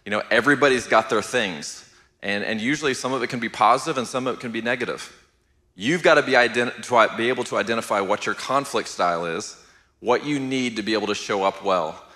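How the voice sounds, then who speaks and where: Bright-voiced pastor in a reverberant hall. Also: male voice, mid-range voice, a little fast. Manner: steady, even-keeled, asks the room "how many know". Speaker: pastor teaching a marriage class. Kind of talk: conversational church class teaching.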